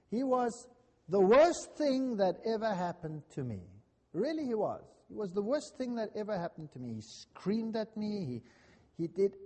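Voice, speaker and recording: A man preaching a sermon, telling a personal story in an earnest, dramatic way that swings between loud and hushed. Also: high-pitched, long reverb tail.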